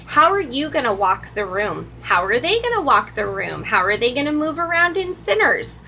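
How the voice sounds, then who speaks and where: A woman's voice: high voice, very animated, moderate pace, sharp tone, slight background noise, low-quality recording. A woman teacher giving earnest classroom advice to other teachers, repeating key points for emphasis. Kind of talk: instructional talk to camera.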